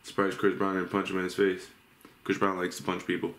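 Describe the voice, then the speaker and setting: Male reaction host, very low voice, casual musing commentary. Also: monotone, a little fast, loud music behind the voice. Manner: musing, thinks aloud about lyrics. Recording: roomy echo with faint noise.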